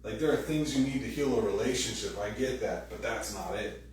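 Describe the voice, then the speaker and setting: A man's voice: on the low side, a little fast, a little mellow. A man preaching a sermon from some distance off the mic, his voice ringing around a very reverberant hall. He talks in a loose, joking way and slips into put-on voices to act out little scenes. A faint hum of room sound sits behind him. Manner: casual, joking, acts out quoted voices. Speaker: pastor. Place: church sanctuary.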